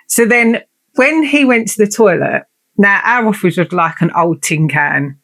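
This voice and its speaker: A chatty woman hosts her own podcast and tells a long personal story. She talks in a blunt, sweary and self-mocking way. Her voice has a gravelly fry to it. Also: lowish voice, expressive, moderate pace, fairly bright tone. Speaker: podcast host. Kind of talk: casual storytelling monologue.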